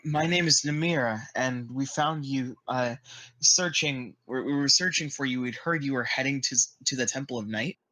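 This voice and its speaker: A man's voice: mid-range voice, normal speed, pushed and bright, low-quality recording. A man playing a tabletop game, speaking in character in a hesitant, earnest way. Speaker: player. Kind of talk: in-character tabletop role-play.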